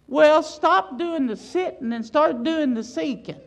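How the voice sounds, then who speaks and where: A woman preaching a sermon in a high voice with a gravelly, creaky texture. She drives her points home with one rhetorical question after another, in an emphatic delivery. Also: unhurried, hardly any pauses, poor audio.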